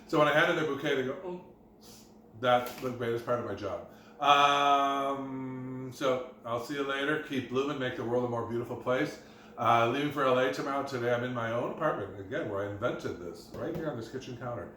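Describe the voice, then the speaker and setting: Speaking a little fast with a sharp edge to his mid-range voice, a middle-aged man who works as a florist and design teacher trades anecdotes and chuckles in a relaxed, self-promoting kitchen vlog filmed in his apartment. The audio is distant and roomy, carrying a faint background hum.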